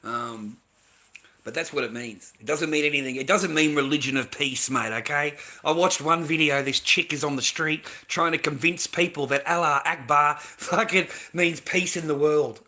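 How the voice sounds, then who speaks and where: A man's voice: a little high, normal speed, bright, forceful tone. An Australian man delivering a heated, profane ranting monologue, repeating himself and tossing in "mate" between sentences.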